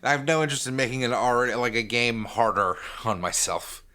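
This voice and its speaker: A man's voice: medium pitch, brisk, pushed and bright. A man co-hosting a gaming podcast, blunt and joking, with casual swearing. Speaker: podcast co-host.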